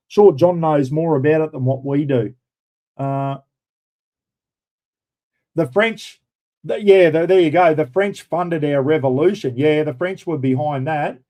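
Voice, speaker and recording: A man's voice: fairly high pitch, warm tone, rough recording. Blunt Australian man chatting on a livestream. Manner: blunt, swears freely, addresses viewers as mate. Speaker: livestream host. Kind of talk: casual live-stream chat.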